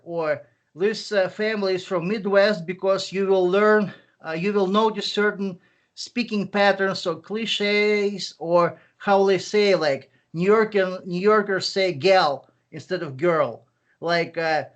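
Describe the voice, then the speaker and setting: Russian-accented man on a video call. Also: high voice. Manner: halting, many fillers and restarts. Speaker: interviewee, English teacher. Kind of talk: online interview.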